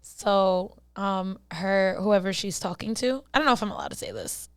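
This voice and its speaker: A young adult woman co-hosting a podcast, telling stories loudly and acting out what people said in casual chat. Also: medium pitch, moderate pace, dry recording, clean studio sound. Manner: loud, animated storyteller who acts out quotes. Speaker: podcast co-host.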